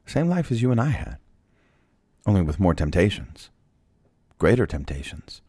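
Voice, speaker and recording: A man hosting a devotional Bible podcast, talking in a chatty way and firing rhetorical questions at listeners. His voice is extremely deep, with a gravelly, husky fry. The sound is dry and close, with no room in it. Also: sing-song, moderate pace, darkish tone, dry recording. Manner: conversational, rhetorical questions, restarts. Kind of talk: devotional talk and prayer.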